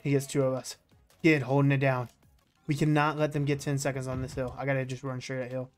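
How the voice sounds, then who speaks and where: A man giving excitable, swear-filled live commentary over his own online shooter match, trash-talking as he plays. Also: medium pitch, fast talker, faint music behind. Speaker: gaming YouTuber.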